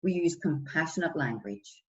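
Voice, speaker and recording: A woman's voice: low-pitched, expressive, moderate pace. A woman wellbeing coach guiding listeners through a self-compassion exercise, asking many questions and acting out example voices. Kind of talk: guided self-help exercise. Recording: distant, dull lo-fi sound.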